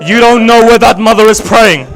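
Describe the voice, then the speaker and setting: A man's voice: sits high, moderate pace. A man delivering an emotional religious sermon, telling a story dramatically with rhetorical questions to his audience. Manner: dramatic storytelling, voice swinging from loud to hushed. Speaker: Shia religious speaker. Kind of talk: emotional majlis sermon narration.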